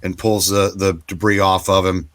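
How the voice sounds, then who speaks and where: A man in his sixties, co-hosting a comic book podcast, retelling a story at length in a relaxed, casual way. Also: low-pitched, normal speed. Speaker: podcast co-host.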